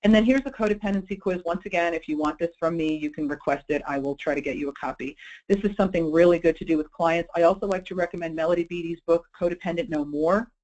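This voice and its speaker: A woman's voice: lowish voice, quick pace, darkish tone, low-quality recording. A woman giving a webinar talk as a clinical presenter, speaking conversationally and often checking in with her listeners. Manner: conversational, checks in with listeners with "okay?" and "you know".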